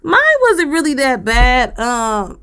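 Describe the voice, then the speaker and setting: A woman's voice: high voice, expressive, slow, fairly bright tone. A woman, co-hosting a podcast and ranting bluntly with profanity. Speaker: podcast co-host. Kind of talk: casual rant on a podcast.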